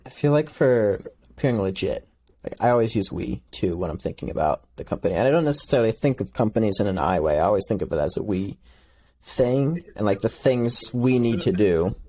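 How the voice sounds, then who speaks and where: A man's voice: on the low side, expressive, fairly quick, dark tone. A man hosting a casual interview, easygoing and reflective, thinking aloud. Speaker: interview host.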